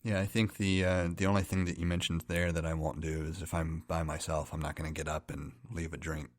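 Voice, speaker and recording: Male co-host, very deep and monotone, measured casual chat. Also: no echo, studio quality. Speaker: podcast co-host.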